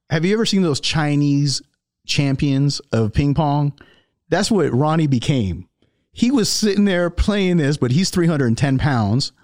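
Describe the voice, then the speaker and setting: Man, podcast host, laid-back chat, animated storyteller, mid pitch, dry recording. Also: no room sound. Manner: animated storyteller, laughs often.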